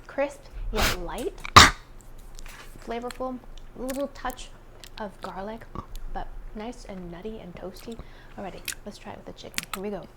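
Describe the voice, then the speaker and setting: A woman's voice: mid-range voice, normal speed, pauses often, heavy background noise. Woman savoring food on camera. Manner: savoring, describes taste in detail. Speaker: cooking video host. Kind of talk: food tasting narration.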